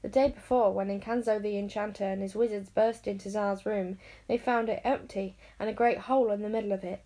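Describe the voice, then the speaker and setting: A woman narrating a children's fantasy audiobook with expressive, dramatic storytelling. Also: mid-range voice, a little fast, poor audio.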